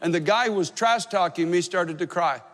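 A man's voice: high-pitched, normal speed, fairly bright tone, a little hiss or hum. A man preaching a sermon as pastor, telling a story in an earnest, emphatic way. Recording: long hall reverb.

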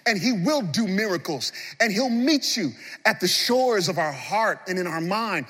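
A man with a high, husky voice delivers a sermon from the pulpit of a big church. His preaching swings between loud, passionate appeals and quiet, hushed stretches. The sound carries a long, ringing church-hall reverb. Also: very animated, normal speed, hardly any pauses. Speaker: pastor. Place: large church.

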